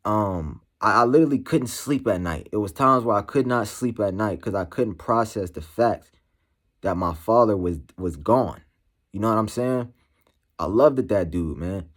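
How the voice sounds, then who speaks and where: Low-voiced man, halting candid monologue. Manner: halting, slangy, full of fillers like "you know". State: emotional, shaken. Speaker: motivational vlogger. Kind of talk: candid personal monologue to camera.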